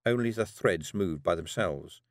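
A man reading a fantasy novel aloud as an audiobook narrator, measured and drily humorous. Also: low voice, expressive, dry recording, clean studio sound.

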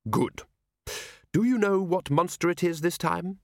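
A man's voice: high voice, measured pace, creaky, dry recording, studio quality, voice pushed up. A man doing a firm young governess. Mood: stern.

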